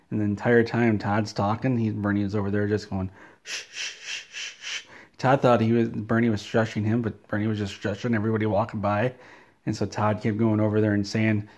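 A man telling an absurd comic story in a deadpan, rambling way. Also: on the low side. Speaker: comedy vlogger.

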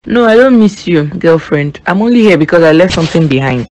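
A woman's voice: lowish voice, animated, fairly quick, darkish tone, no echo, lightly acted. Woman voicing a nosy friend in a cartoon, dry recording. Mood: teasing. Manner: teasing, nosy. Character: teasing friend Sarah.

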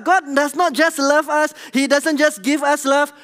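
A middle-aged man with a Singaporean English accent, preaching a church sermon in an animated, conversational way and asking the congregation questions. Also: extremely high pitch, a little slow, faint music behind. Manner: animated, conversational, tells jokes at his own expense, asks the congregation questions. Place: large church hall. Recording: long hall reverb.

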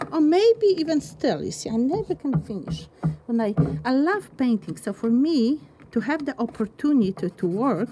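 A woman's voice: a little high, background noise. A woman art teacher giving a chatty, encouraging step-by-step drawing demonstration, thinking aloud as she works.

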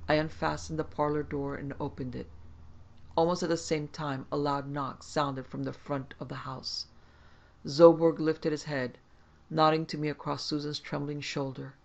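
Horror narrator: man, raised pitch, gravelly texture, measured first-person storytelling. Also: level tone.

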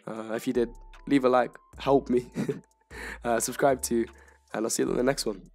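A young man talks casually over his gameplay in a voice made hoarse by illness. He rambles, halts and restarts his sentences often. Faint game music plays beneath his voice. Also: medium pitch, steady tone, darkish tone. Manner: rambling, halting, many restarts. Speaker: gaming YouTuber.

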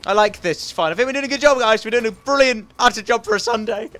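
A young man giving playful, goofy gameplay commentary, swinging between loud outbursts and muttering asides. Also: very high-pitched, fast talker. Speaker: gaming commentator.

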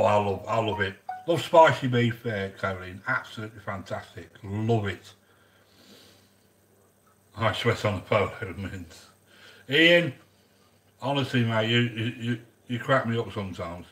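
A man's voice: fairly low pitch, pushed and bright. A man chatting casually while hosting a cooking vlog, rambling and joking and greeting viewers by name. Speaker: cooking channel host.

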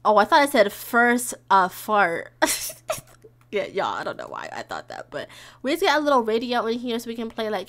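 A young woman talks her way through a game. Her voice sits high and swings widely, and she chats freely and now and then yells at the characters on screen. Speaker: gaming streamer. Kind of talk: casual let's-play commentary.

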